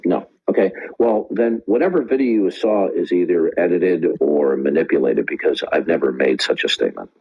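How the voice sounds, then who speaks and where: A man hosting a live online call-in debate, talking forcefully, often interrupting and tagging lines with "okay?". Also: low-pitched, normal speed, few pauses, breathy edge, dull audio. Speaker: debate room host.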